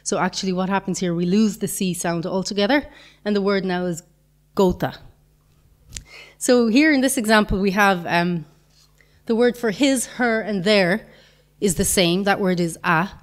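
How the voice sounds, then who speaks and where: A woman's voice: medium pitch, normal speed. A woman giving a conference talk, patiently explaining grammar with examples and the odd light chuckle. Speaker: conference speaker.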